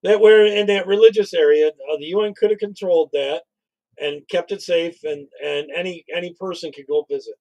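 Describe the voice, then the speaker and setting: A man with a notably high-pitched voice co-hosting a casual political talk stream. He speaks bluntly and conversationally, offering strong opinions. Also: fairly even intonation, a little fast, darkish tone, rough recording. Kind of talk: casual political commentary livestream.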